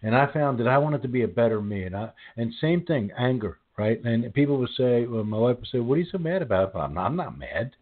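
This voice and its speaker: A man's voice: medium pitch, expressive, brisk, hardly any pauses. A man in his sixties hosting a faith conversation, talking casually and often repeating words as he goes. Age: 60s. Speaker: host. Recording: phone-like audio.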